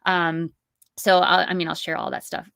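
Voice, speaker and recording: A woman's voice: on the low side, little pitch movement, normal speed, gravelly, a bit bright, clear, resonant tone, no room sound, clean studio sound. A woman in her thirties hosting an online course, teaching in a chatty, upbeat way with many asides and fillers. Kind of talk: live-streamed teaching with Q&A.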